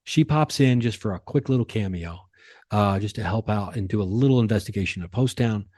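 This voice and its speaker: A man hosting a podcast, telling a paranormal story in an excitable, animated way. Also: on the low side, no room sound, studio quality. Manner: excitable, animated retelling with quick bursts. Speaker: podcast host and comedian. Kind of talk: casual storytelling.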